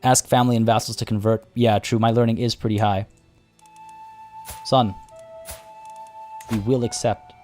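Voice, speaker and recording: A man streaming a strategy game live, talking through his choices out loud and chatting with his viewers. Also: on the low side, flat delivery, moderate pace, long pauses, soft background music. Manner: chatty, reads chat aloud and thinks out loud.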